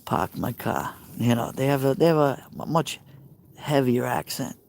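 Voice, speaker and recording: By a fire pit outdoors at night, a New Yorker with a Brooklyn Italian American accent chats casually on a live stream, reading and answering viewers' messages aloud. His mid-range voice is steady, a little mellow, and moderately paced, with slight background noise.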